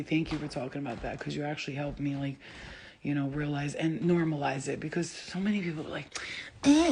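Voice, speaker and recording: A woman's voice: low-pitched, darkish tone, slight background noise. A woman hosting a casual livestream as a spiritual healer, talking bluntly and profanely and laughing often as she answers viewers. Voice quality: gravelly, husky.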